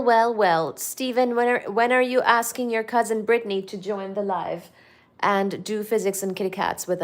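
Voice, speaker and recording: A woman from India with an Indian accent, hosting a casual livestream and chatting with viewers as she answers their comments. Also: a little high. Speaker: livestream host.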